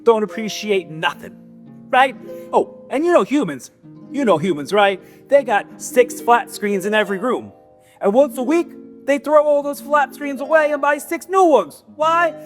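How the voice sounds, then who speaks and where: A man's voice: very high-pitched, pitched above the performer's own voice, exaggerated voice. A man playing a resentful male giant grumbles through his side of a storybook tale in a raised, squeezed-up voice, full of street-tough grammar and indignant questions. A little guitar plucks faintly behind him.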